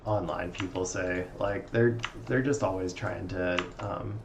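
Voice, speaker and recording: A man's voice: low voice, fairly even intonation, unhurried, creaky, noisy background. A man commenting in casual chat, making dry, sarcastic jokes and laughing often.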